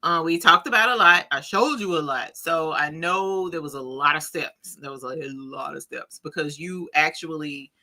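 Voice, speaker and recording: A woman in her forties hosting a casual craft live stream, gushing and exclaiming excitedly and talking straight to her viewers. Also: low voice, normal speed, hardly any pauses. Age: 40s. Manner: talks straight to viewers as "y'all". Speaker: craft show host.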